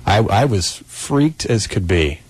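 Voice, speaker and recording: A man's voice: on the low side, expressive, slow, breathy edge, no echo. A man hosting a radio show from a studio, chatting casually and animatedly with his co-host and laughing easily. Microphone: studio microphone.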